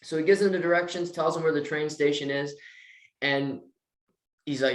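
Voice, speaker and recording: A man's voice: on the high side, moderate pace, pauses often. Man recapping a show, roomy echo. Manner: animated retelling, acts out quotes. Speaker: podcast co-host. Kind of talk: casual TV recap chat.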